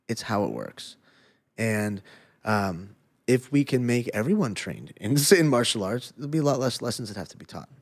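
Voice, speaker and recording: Animated, profane man telling stories. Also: lowish voice, moderate pace, breathy edge. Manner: animated storyteller, swears freely, laughs often. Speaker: podcast guest, former fighter. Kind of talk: casual conversation.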